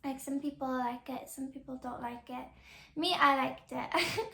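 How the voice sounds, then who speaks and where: A woman's voice: high voice, steady tone, measured pace, vocal fry, bright, forceful tone, roomy sound, a little hiss or hum. A young woman hosting a podcast, chatting casually and rambling with lots of filler words and restarts. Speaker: podcast host. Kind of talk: casual chat.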